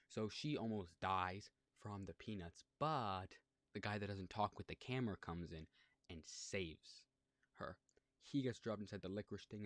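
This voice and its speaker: A man's voice: lowish voice, no echo. A man recapping a movie in a loose, jokey, scatterbrained way, making asides to the listeners. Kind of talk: rambling comic movie recap.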